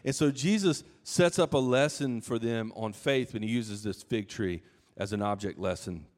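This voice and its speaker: A man's voice: medium pitch, normal speed, darkish tone. Guy preaching a sermon, chatty, lots of asides and restarts. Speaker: pastor.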